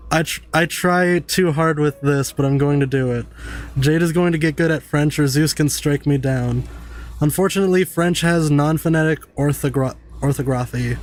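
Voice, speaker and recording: Chatty young man streaming a game. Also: a little high. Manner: chatty, swears a lot, chats with viewers. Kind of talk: casual gameplay commentary.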